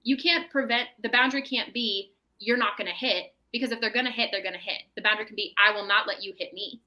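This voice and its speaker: A mental health professional offers parenting advice in a casual podcast conversation, explaining things and frequently tagging her statements with "right?". Her mid-range voice is bright and forceful, and she talks fast. The audio quality is poor.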